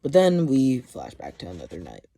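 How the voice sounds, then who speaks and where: A man's voice: mid-range voice, normal speed. A man casually recapping a comic issue, retelling scenes animatedly and quoting characters. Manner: animated retelling with quoted lines and chuckles. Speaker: comic book reviewer.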